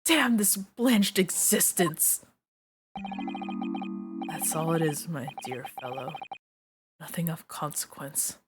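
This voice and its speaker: A weary, dramatic male detective sinks into despair, speaking in a low, dragging, mournful tone, as a woman puts him on. Each line comes out slow and heavy. Violin music plays behind him. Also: big pitch swings, exaggerated voice. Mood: gloomy. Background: violin game music.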